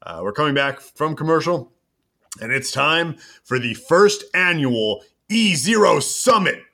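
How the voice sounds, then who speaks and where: A man hosting a podcast who chats casually while recapping a wrestling show in an animated, storytelling way. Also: fairly high pitch. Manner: animated storytelling, quick asides. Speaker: podcast host.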